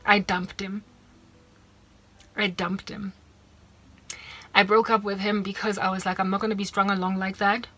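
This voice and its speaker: A South African vlogger with a South African accent tells a personal story, emotional and repeating herself as she quotes the people involved. Her mid-range voice has a sharp tone and little pitch movement, at a moderate pace with frequent pauses.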